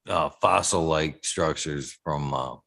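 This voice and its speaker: A man's voice: very deep voice, very slow, gravelly, fairly bright tone. A man hosting a casual podcast chat, laid-back, laughing often and swearing freely.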